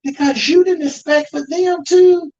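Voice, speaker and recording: An undertaker with an extremely high-pitched, unhurried voice preaches to an audience about grief through animated, emphatic stories, calling them "y'all." It comes from a dull lo-fi live recording.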